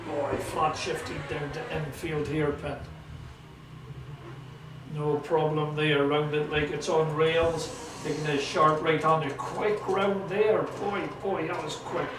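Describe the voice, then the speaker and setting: A Scottish man calls a car sprint live, chatty and excitable. His voice sits a little high and sounds set back from the mic in a roomy space. Engines and outdoor ambience roar behind him. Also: slow pace. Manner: chatty, excitable, talks to a companion. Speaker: motorsport commentator. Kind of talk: live race commentary. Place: at a sprint track. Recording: roomy, distant mic with loud car noise.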